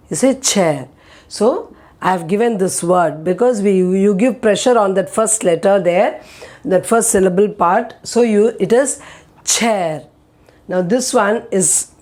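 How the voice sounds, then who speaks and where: A woman gives an unhurried lesson at a very slow, deliberate pace. She repeats each example word patiently and checks in often with the listener. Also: mid-range voice, mellow. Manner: patient, repeats words slowly with frequent "okay?" checks. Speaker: Hindi teacher.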